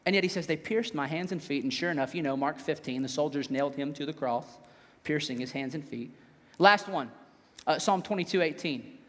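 A man, preaching a sermon in a casual, animated way and dropping his voice for dramatic scripture readings. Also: on the high side, brisk. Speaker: pastor. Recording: echoey hall.

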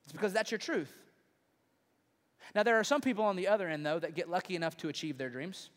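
This pastor's voice sits high and he speaks fast, preaching with emphasis in a conversational tone and asking many rhetorical questions. The setting is a large church auditorium, so the recording carries a long hall reverb.

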